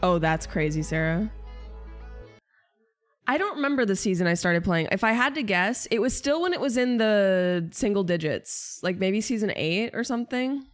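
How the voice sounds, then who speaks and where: A woman's voice: mid-range voice, lively intonation, normal speed, faint music behind. A young woman streamer chatting casually and jokingly, answering her chat.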